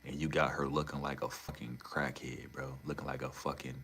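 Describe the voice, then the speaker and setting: A young man chatting casually on a livestream, animated and profane, swinging between low mutters and loud incredulous outbursts. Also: a little fast, a little hiss or hum.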